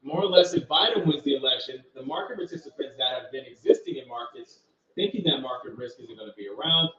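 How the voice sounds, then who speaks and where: A man's voice: medium pitch, big pitch swings, fast, noisy background. A man hosting a live trading stream, walking viewers through market charts in a casual, direct way and thinking aloud. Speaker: trading channel host. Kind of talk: live market commentary with screen share. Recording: roomy, distant, dull sound.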